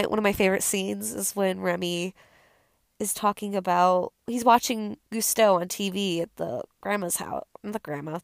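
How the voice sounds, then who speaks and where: A woman's voice: mid-range voice, vocal fry, no room sound, clean studio sound. A young woman hosting her own video, talking casually and rambling about a film she loves, with many fillers. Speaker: video host. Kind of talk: casual unscripted film talk.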